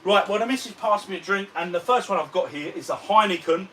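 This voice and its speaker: A man's voice: high-pitched, quick pace, fairly bright tone. A man, chatting casually on a livestream from his home games room and reading out viewer comments in a matey way. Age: 40s. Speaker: retro gaming vlogger. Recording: distant mic with faint ambient noise.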